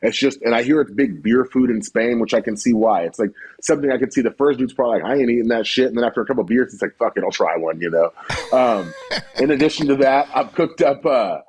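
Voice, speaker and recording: A man in his thirties chatting as a podcast guest, an animated storyteller who swears freely and slips into quoted voices. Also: mid-range voice, fast talker, slightly rough, poor audio. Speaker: podcast guest, cooking content creator. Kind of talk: casual podcast chat.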